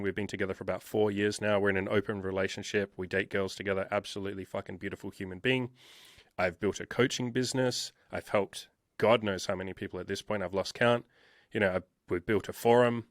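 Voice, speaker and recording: A man's voice: on the low side, a bit bright, no echo, clean studio sound. Blunt, swearing man in his thirties. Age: 30s. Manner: blunt, heavy swearing, emphatic. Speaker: interview guest, dating coach. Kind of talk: candid personal storytelling.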